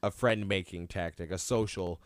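A man's voice: low voice, steady tone, normal speed, dry recording. A man hosting a casual podcast chat, laughing along and asking questions.

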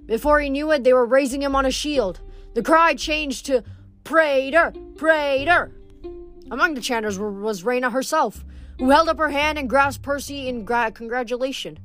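A woman reading a novel aloud in a fairly high voice. She reads plainly, now and then tripping over a word and correcting herself. Faint music plays underneath. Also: brisk, fairly bright tone. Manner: plain reading with occasional stumbles and self-corrections. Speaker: audiobook reader.

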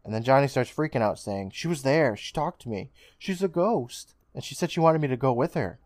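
A man co-hosting a podcast, casually retelling an episode's plot with swearing and quick acted-out lines. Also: medium pitch, expressive, a little mellow, no echo, clean studio sound. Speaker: podcast co-host recapping an episode. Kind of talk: casual recap chat.

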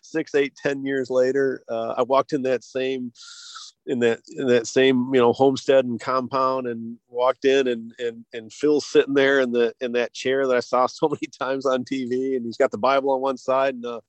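Male guest, American, casual storyteller, mid-pitched, lots of restarts and light laughs, dry close sound. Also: flat delivery, no room sound. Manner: halting, many restarts and chuckles. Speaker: guest, hearing device company co-founder.

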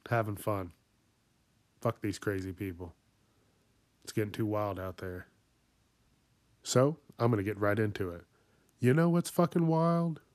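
A man's voice: lowish voice, unhurried, pauses often, darkish tone, dry recording. A man hosting a podcast, going off in a profane comedic rant, swearing constantly and laughing at his own jokes. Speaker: podcast host.

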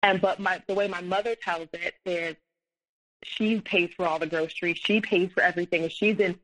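A woman talks through a personal story as a podcast guest, her voice bright and a little tense. She circles back with fillers and restarts, then acts out the lines other people said in her own voice. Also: on the low side, steady tone, normal speed, a little hiss or hum, rough recording. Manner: rambling, many fillers and restarts; acts out quoted dialogue, rising when heated.

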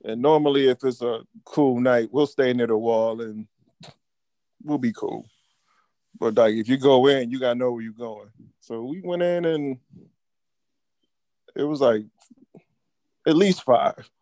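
A man's voice: medium pitch, unhurried, long pauses, mellow, no echo. Laid-back man telling a story. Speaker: podcast co-host. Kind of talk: casual storytelling chat.

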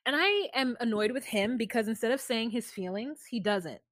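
A woman's voice: a little high, lively intonation, normal speed, no echo, studio quality. A woman co-hosting a podcast, casually retelling reality show scenes and quoting the people in them. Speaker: podcast co-host. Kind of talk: casual recap chat.

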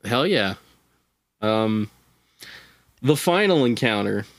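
A man's voice: fairly low pitch, animated, slow pace, dry recording, clean studio sound. A man who is a podcast guest, telling a strange story in laid-back, casual chat with profane, wry asides.

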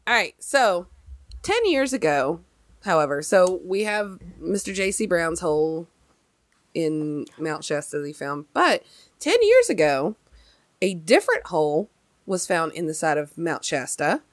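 A young adult woman hosting a podcast, telling a story in casual chat with lively emphasis and many fillers. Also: fairly low pitch, unhurried, no echo. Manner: chatty, animated, many fillers. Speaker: podcast host.

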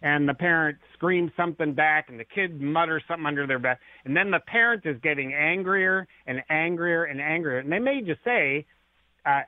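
A man's voice: a little high, normal speed, no echo. A male author on a radio interview, explaining ideas through stories and acted-out lines. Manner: storytelling, acts out quoted lines. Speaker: author and guest. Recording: tinny phone line.

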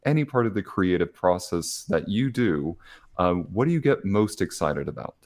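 A man hosting a podcast interview, asking a halting question full of fillers. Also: deep voice, sing-song, a little mellow. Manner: hesitant, filler-laden questioning. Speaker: podcast host.

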